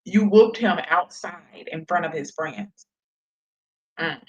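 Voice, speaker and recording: A woman's voice: lowish voice, takes it slowly, a little mellow, lo-fi sound. A woman hosting reaction commentary, sarcastic and exasperated. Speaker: commentary host.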